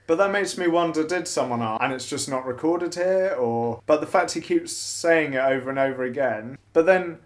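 A man thinking aloud in a casual group discussion, animated and given to acting out what others might say. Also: on the high side, normal speed, hardly any pauses. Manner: thoughtful, animated, acts out voices.

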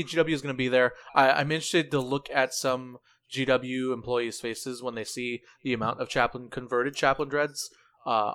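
A man's voice: medium pitch, a bit bright. A man hosting a podcast, chatting casually and often restarting his sentences. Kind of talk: casual chat.

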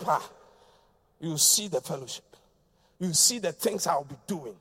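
A man preaching a sermon, his voice high and wildly lively in pitch. He swings from shouted repetitions down to quiet, low asides. He is a pastor from Ghana. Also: moderate pace, long pauses, husky. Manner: swings between shouting and low quiet delivery, repeats phrases.

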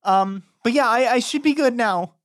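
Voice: medium pitch, normal speed, dry recording, studio quality. A tabletop player speaking in character, earnest and rambling with fillers. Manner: earnest, talks his way out with fillers.

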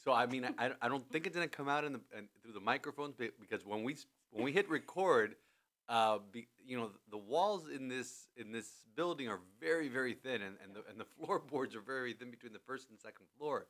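A man hosting a podcast in a studio, talking through a scripture passage in a relaxed, chatty way with many restarts. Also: medium pitch, brisk. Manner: animated, lots of restarts and "you know". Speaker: podcast host. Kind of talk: conversational scripture commentary. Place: studio in a building with thin walls.

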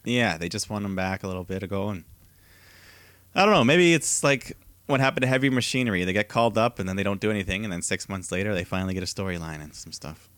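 Man, podcast co-host, bright voice, dry close sound, excited play-by-play recap. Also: lowish voice, quick pace, clean tone, no echo. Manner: excited play-by-play retelling, laughs often. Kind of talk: casual recap chat.

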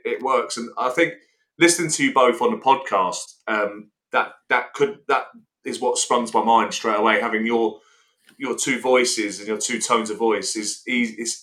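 A man's voice: medium pitch, fairly bright tone. A man hosting a podcast chat with two guests, talking in a hesitant way. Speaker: podcast host interviewing guests. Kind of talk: casual chat.

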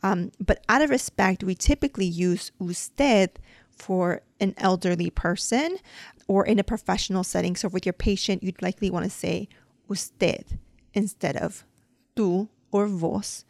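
A woman with a mid-range, darkish voice speaks a little slowly, with no echo. As a dental hygienist raised in the States by a Mexican family, she patiently explains dental Spanish through examples in a casual podcast lesson, peppering her speech with "um" and "like."

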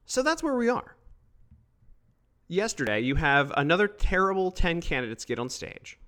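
A man giving opinionated solo political commentary, emphatic and quick to mock others. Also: fairly high pitch. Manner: emphatic, animated, mocking quoted voices.

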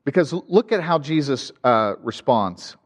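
Conversational preacher in a reverberant hall. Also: male voice, medium pitch, lively intonation, a little slow. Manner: conversational preaching with asides and rhetorical questions. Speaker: pastor. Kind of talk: sermon.

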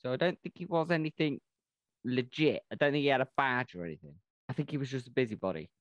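A man's voice: medium pitch, fast, no echo, dull audio. A man co-hosting a casual film review podcast, joking and swearing freely. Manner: jokey, swears casually, short agreeing replies. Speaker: podcast co-host.

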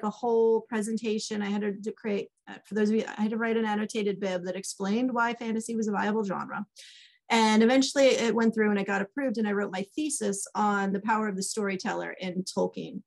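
A woman's voice: mid-range voice, vocal fry. A middle-aged woman, an author guest, telling stories in a casual chat and acting out the quoted dialogue. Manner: animated, acts out quoted dialogue.

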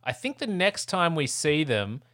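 A man's voice: a little high, very animated, measured pace, bright, forceful tone. A man in casual podcast chat, retelling film scenes and slipping into comic voices.

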